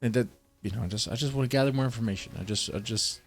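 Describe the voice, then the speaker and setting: A man's voice: medium pitch, very fast, soft background music. A man who works as a child protective services caseworker, casually explaining how he questions children, thinking aloud step by step.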